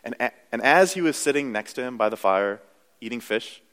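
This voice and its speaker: Young man, pastor, relaxed conversational sermon, average pitch, long hall reverb. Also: a little fast. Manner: conversational, self-deprecating, many "you know"s.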